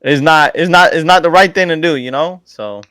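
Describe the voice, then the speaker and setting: A man's voice: fairly high pitch, moderate pace, fairly bright tone, clean tone, no echo. A man, a guest on a podcast, talking casually and rambling with lots of fillers. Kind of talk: casual chat.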